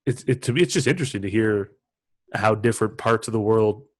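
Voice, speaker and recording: A young man from Ontario speaks with a Canadian accent in a lowish register. He hosts a relaxed podcast conversation, rambling a little and leaning on filler words. The sound is close and dry, with no room echo. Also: fairly quick. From Canada (London, Ontario). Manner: loose and chatty, many "like" fillers and restarts. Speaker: podcast host. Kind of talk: casual interview chat.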